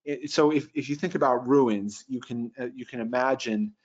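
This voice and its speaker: Man teaching Bible translation, thoughtful, lo-fi. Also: mid-range voice. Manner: thoughtful, restarts often, reads phrases slowly. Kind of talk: casual lecture.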